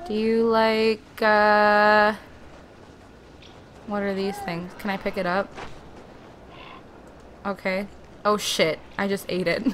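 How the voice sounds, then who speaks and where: A woman playing a video game and commenting casually, excitable and swearing freely as she chats to the characters on screen. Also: mid-range voice, slight background noise. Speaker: let's play gamer.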